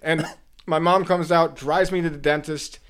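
A young man co-hosting a podcast, telling a story in casual, animated chat full of swearing. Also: fairly high pitch, normal speed, clean tone. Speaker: podcast co-host.

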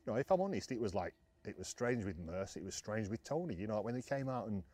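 A man's voice: on the low side, expressive, fast talker, darkish tone, breathy edge. A middle-aged man, chatting casually and laughing often as he tells old team stories. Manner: storytelling, laughs often, many fillers. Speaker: former footballer guest. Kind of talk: casual chat.

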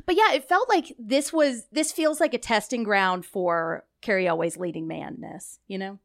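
A chatty woman discussing films on a podcast, her voice carrying a steady gravelly fry. She talks loosely and keeps tossing in "like" and "you know." Her pitch sits in a middling range. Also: normal speed. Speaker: podcast co-host. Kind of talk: casual film discussion.

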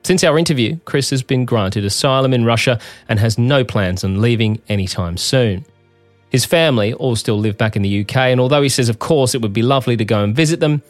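A man narrating a documentary in a measured, scripted way. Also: mid-range voice, no room sound. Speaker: documentary host.

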